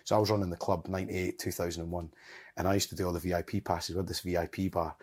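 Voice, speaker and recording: Scottish man, forties, husky and quick, rambling raconteur. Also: deep voice, flat delivery, darkish tone. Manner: rambling, laughs often, swears. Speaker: podcast guest. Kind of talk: casual storytelling chat.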